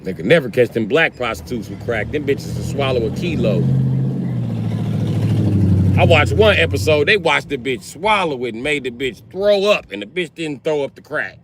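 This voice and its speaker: A man tells wild comic stories on a livestream. His voice is bright and forceful, swings widely in pitch, and jumps into high shouted character voices. He sounds loose and animated. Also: normal speed, slight background noise. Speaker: livestream host. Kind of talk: comedic storytelling on a livestream.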